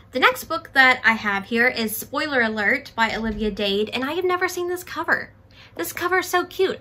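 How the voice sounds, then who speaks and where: A woman book vlogger talking through a book haul in a casual, chatty way, excitable and self-deprecating. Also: fairly high pitch.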